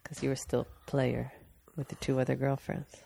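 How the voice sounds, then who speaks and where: A woman's voice: extremely low pitch, little pitch movement, moderate pace, gravelly, warm tone, husky. A woman co-hosting a podcast, teasing and laughing in casual chat. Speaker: podcast co-host.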